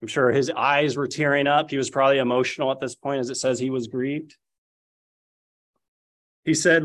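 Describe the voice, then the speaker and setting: Male preacher, mid-pitched, lively storytelling sermon, acts out the quotes. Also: normal speed, pauses often. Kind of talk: expository sermon.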